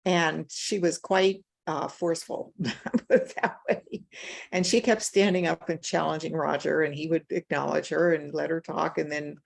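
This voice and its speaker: A woman's voice: low-pitched, steady tone, moderate pace, vocal fry. An older woman on a video call, telling a story in an easy conversational way, acting out the dialogue and chuckling as she goes. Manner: conversational, retells dialogue, chuckles while talking. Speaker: guest speaker. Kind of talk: storytelling anecdote.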